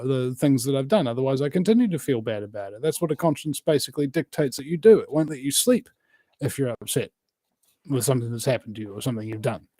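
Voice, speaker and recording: A New man talking as a guest, voice of medium pitch. He rambles and presses his points with lots of fillers and restarts. The sound is close and dry, with no room around it. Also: warm tone, no room sound. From New Zealand. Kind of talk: casual conversation.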